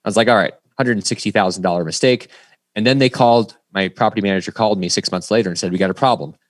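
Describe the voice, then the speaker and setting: A man's voice: fairly low pitch, very fast, no echo. A middle-aged man giving a motivational business talk to a group, telling stories and acting out the dialogue in them. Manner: storytelling, acts out dialogue in quotes. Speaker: speaker presenting to a group.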